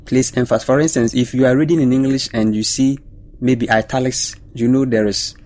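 A man, a panelist explaining Bible study in a measured, teaching way. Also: mid-range voice, steady tone, a little mellow.

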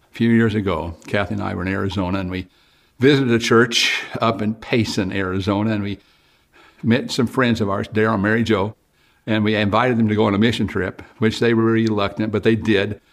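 A man's voice: fairly low pitch, gravelly. An older man preaching an evangelistic sermon, with earnest, pleading appeals to the listener. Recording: music playing behind.

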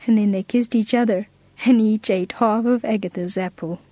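A woman reading a children's story aloud in a gentle, expressive way. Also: medium pitch, normal speed, no echo.

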